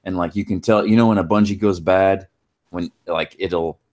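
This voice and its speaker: A man's voice: low voice, steady tone, normal speed, a little mellow. A man in casual chat among friends, telling crude stories with lots of swearing. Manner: crude, drawling storyteller.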